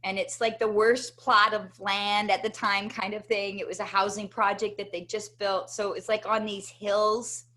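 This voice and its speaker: A woman guest in an interview, telling a personal story with animated energy and often checking in with "right?". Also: medium pitch, moderate pace, hardly any pauses. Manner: animated, tags many sentences with "right?". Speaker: interview guest, motivational speaker.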